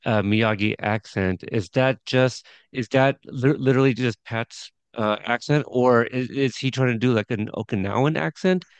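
A male host in a casual interview, asking halting questions between short backchannels. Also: mid-range voice, smooth, no echo.

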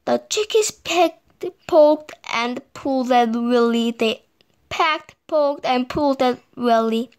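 A woman whose first language is Korean, reading a children's story aloud in a slow, sing-song way. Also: sits high, smooth.

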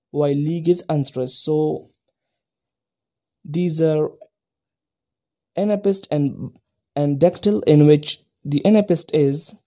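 A man giving a recorded lesson, explaining each point slowly and carefully and repeating the key terms. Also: a little high, warm tone. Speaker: teacher.

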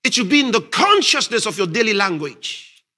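A man preaching a sermon in a high, lively voice that swings widely in pitch. His tone is bright and cutting with a husky edge. He reads scripture aloud, questions his listeners, and drives key points home with emphatic shouts. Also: normal speed. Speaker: pastor. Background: congregation responding.

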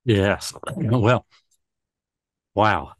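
Deep voiced host guy, says that's good a lot, asks rambly questions, dry close sound. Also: animated, drawn-out words, no room sound. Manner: affirming, hesitant with fillers. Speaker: interviewer host. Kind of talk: interview questions.

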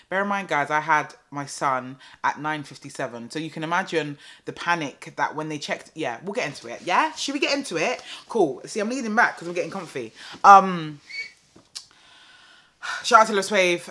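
A young woman telling a story casually to camera, chatty and animated with lots of fillers and repeats. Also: low voice, brisk. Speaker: vlogger.

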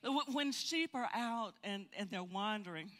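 Older lady bible teacher, lively storytelling, keeps repeating herself, long hall echo. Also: medium pitch, a little slow. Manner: animated, storytelling with frequent repeats. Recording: hall reverb.

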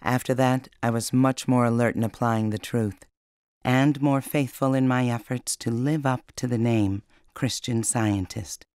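A man giving a calm, sincere reading of recollections for a documentary. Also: medium pitch, measured pace, clean tone, no echo.

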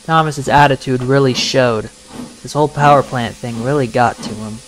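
Guy narrating a fan story, middle pitch, music under his voice. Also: steady tone, normal speed.

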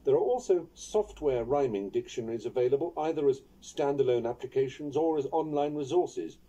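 A man reading his own instructional book on poetry aloud in a wry, playful, unhurried way. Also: medium pitch, expressive, dark tone, highs cut off. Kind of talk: audiobook narration of an instructional book.

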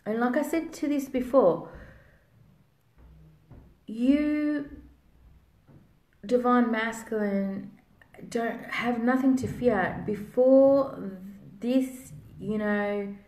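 A woman's voice: fairly high pitch, very slow, long pauses, a little mellow. A woman psychic giving a spiritual reading in a rambling way, full of fillers. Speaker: psychic reader. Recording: roomy echo.

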